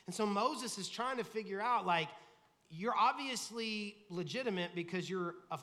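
A man's voice: high-pitched, normal speed, sharp tone. A man, the lead pastor, preaching a sermon in a casual, conversational way, acting out quoted voices. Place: large church sanctuary. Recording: long hall reverb.

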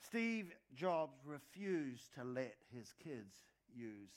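A pastor preaching a sermon in a conversational way, with quick asides and jokes and words repeated for emphasis. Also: male voice, medium pitch, very animated.

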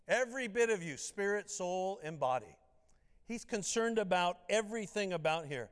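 A man's voice: high voice, clear, resonant tone. A man preaching a sermon as pastor, talking conversationally and tossing out rhetorical questions. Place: church sanctuary. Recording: reverberant church hall.

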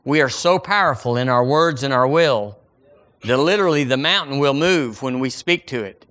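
A man's voice: medium pitch, normal speed, fairly bright tone. A male pastor preaching a folksy, emphatic sermon, acting out imagined prayers to the Lord.

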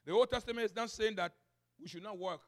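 A man from Liberia, preaching a sermon as a pastor. He swings between loud proclaiming and quiet asides and repeats key phrases. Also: high voice, fast.

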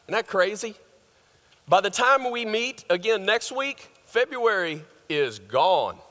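A man's voice: sits high, fairly bright tone. An older man preaching a sermon as pastor, conversational and joking, with lots of fillers and restarts. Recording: long hall reverb.

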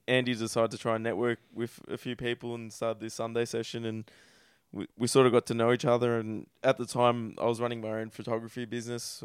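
A man's voice: medium pitch, clean tone, no echo, clean studio sound. A man with an Australian accent, a podcast guest telling his story in a candid, crude and self-deprecating way.

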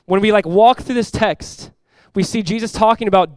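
A young man preaches in an energetic, conversational way, leaning on "like" as he explains scripture. His voice sits high and the words come quickly. The sound is dry and close, with no room echo. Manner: energetic, chatty, peppered with "like", reads scripture aloud. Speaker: pastor. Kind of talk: casual sermon.

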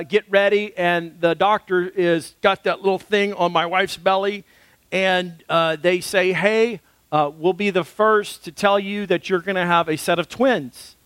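A man's voice: high-pitched, fairly bright tone, clean tone, no room sound. A man in his thirties preaching a sermon as pastor, earnest and storytelling, with frequent fillers.

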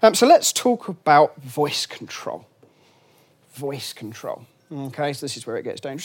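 A fairly high-voiced, middle-aged man gives a relaxed lunchtime lecture. He talks in a loose, chatty way, full of ums, restarts and wry asides to the room. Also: normal speed, breathy edge.

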